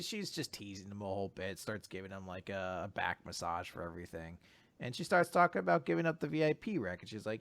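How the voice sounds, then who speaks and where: Animated man recapping manga. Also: on the low side, brisk, gravelly. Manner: animated storytelling, many fillers. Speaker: podcast host. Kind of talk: casual manga recap chat.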